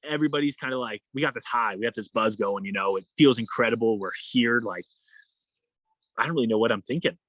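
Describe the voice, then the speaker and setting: A man's voice: fast talker, fairly bright tone, no room sound, low-quality recording. A man telling a long story in a casual interview, rambling with many fillers and acting out what people said. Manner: rambling, many fillers, acts out quotes in a higher voice. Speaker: endurance athlete guest.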